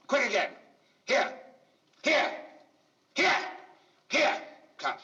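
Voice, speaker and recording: A man's voice: fairly high pitch, expressive, moderate pace, bright, forceful tone. A man directing actors on a film set, patient and coaxing, repeating his instructions and calling the child darling. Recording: hiss-laden muffled archival recording from a distance.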